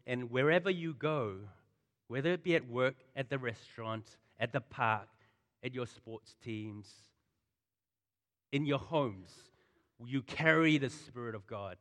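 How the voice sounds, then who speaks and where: A pastor giving a sermon in a conversational, animated way, full of asides and storytelling. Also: male voice, mid-range voice. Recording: long hall reverb.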